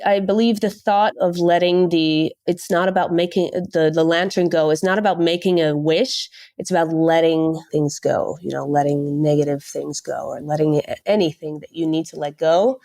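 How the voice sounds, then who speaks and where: A woman in her thirties from the Netherlands, a podcast guest telling animated travel stories and mimicking the people she met. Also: deep voice, normal speed, few pauses. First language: Dutch. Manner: animated storyteller who mimics others' voices. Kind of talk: casual interview chat.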